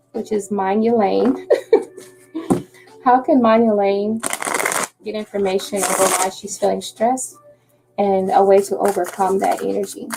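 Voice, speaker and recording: A woman's voice: mid-range voice, creaky, background noise. A woman doing a live-stream tarot reading, chatty and reassuring, often checking in with "okay?". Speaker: tarot reader.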